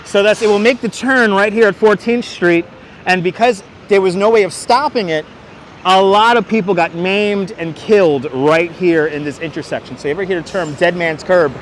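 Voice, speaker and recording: Here a man with a high-pitched voice talks at normal speed while guiding a casual walking livestream outdoors on busy city streets. Using a wireless clip-on mic, he chats with viewers by name and relates the history of the streets. Traffic is faintly audible.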